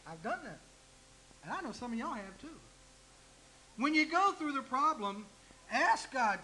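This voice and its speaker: A man's voice: very high voice, very animated, measured pace, pauses often, bright, forceful tone, a little hiss or hum, low-quality recording. A man preaching a folksy sermon, teasing himself and asking the congregation direct questions. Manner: folksy, self-deprecating, talks straight to the congregation.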